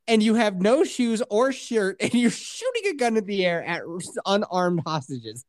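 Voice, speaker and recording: A woman's voice: mid-range voice, normal speed, dry recording, clean studio sound. A woman in casual chat recapping a movie, swearing freely and acting out the characters. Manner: animated, swears a lot, acts out characters in shouts.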